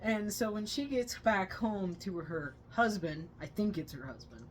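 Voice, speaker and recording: A woman co-hosting a movie review channel, retelling scenes with loud excited quotes. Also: mid-range voice, a little slow, slight background noise. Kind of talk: casual movie review chat.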